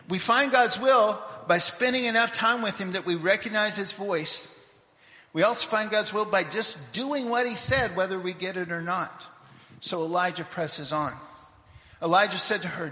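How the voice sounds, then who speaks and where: A man preaching a sermon, telling a scripture story in a lively way with asides to the congregation; he grew up in Papua New Guinea. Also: high voice, echoey room, big-room sound. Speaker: pastor. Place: church sanctuary.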